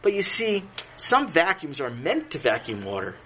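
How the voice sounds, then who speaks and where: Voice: mid-range voice, huge pitch swings, moderate pace, a bit bright, slight background noise, low-quality recording. A storyteller narrating a children's story in a playful way, with asides to the listener.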